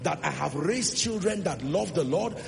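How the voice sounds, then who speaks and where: Gravelly high-voiced preacher in echoing hall. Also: male voice, animated, moderate pace. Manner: emphatic, rhetorical questions, swings from loud declarations to soft asides. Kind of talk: sermon. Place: church hall with congregation. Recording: long hall reverb with music underneath. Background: music.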